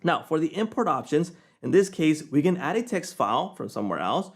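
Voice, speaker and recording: Chatty man walking through software. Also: on the high side, sing-song, fairly quick, slightly rough. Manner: casual, chatty, keeps checking in with "okay?". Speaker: software reviewer. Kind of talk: screen-recorded software tutorial.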